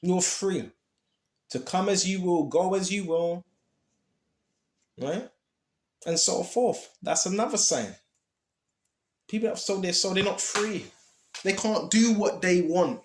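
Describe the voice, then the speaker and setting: A man's voice: sits high, takes it slowly, long pauses, reverberant. A man preaching informally, impassioned and repetitive, with streetwise slang.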